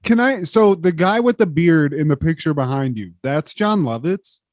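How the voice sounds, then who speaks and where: A man's voice: on the high side, expressive, normal speed, a little mellow, no room sound. A man co-hosting a casual podcast chat, crude and jokey, laughing often. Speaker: podcast co-host.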